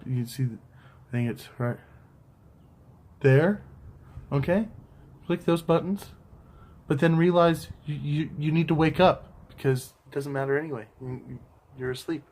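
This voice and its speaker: A man's voice: on the high side, normal speed, pauses often. A man chatting casually to camera beside his partner, speaking in a dry, direct way with many fillers. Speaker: co-host, partner. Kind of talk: casual couple chat to camera.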